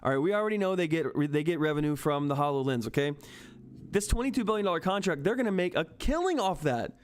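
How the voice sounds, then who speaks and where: Excitable man hosting a trading livestream. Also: fairly high pitch, fast talker. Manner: excitable, keeps addressing viewers as guys and asking "all right?". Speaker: stock trading livestream host. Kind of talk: excited livestream market commentary.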